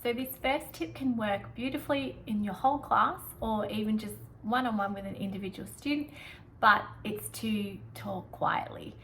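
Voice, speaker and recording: A woman's voice: fairly high pitch, normal speed, a bit bright, a little hiss or hum, poor audio. An Australian woman, a young adult prep teacher, giving chatty, upbeat classroom tips and sometimes dropping to a whisper.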